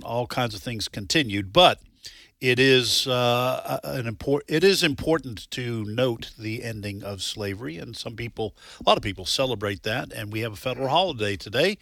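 Man, radio host, bright, dry studio sound, rambling chat. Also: medium pitch, gravelly, dry recording. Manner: rambling, halting with frequent restarts and chuckles. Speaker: radio talk show host. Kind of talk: casual studio talk.

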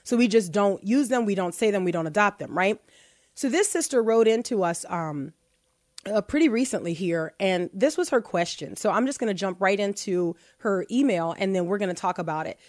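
Woman, talk show host, animated and laughing, dry close sound. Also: mid-range voice, normal speed, dry recording. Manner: animated, frequent laughs, restarts mid-sentence. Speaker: podcast host. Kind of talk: faith-based talk show discussion.

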